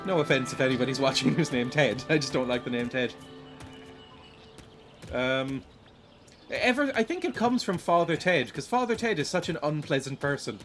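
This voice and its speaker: A man's voice: a little high, moderate pace, a bit bright. A young man giving rambling, self-deprecating gameplay commentary, stumbling and repeating words as he plays at home. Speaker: streamer. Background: game music.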